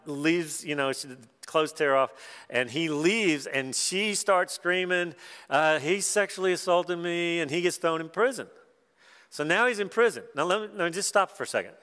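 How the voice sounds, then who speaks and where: Folksy preacher with a bright, crisp voice. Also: male voice, mid-range voice, big-room sound. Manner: conversational and folksy, with acted quotes and asides. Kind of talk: sermon, retelling a Bible story.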